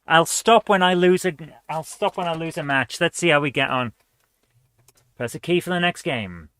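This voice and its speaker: A man's voice: fairly high pitch, lively intonation, a little fast, a bit bright, no room sound, studio quality. A man hosting a retro gaming channel, reading quiz questions aloud and chatting casually as he guesses the answers. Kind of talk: casual let's-play commentary.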